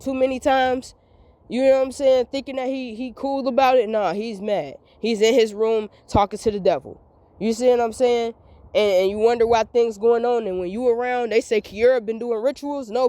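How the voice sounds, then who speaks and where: A woman's voice: a little high, mellow. A woman, venting in a rambling, repetitive, emphatic monologue recorded as a voice memo. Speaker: vlogger.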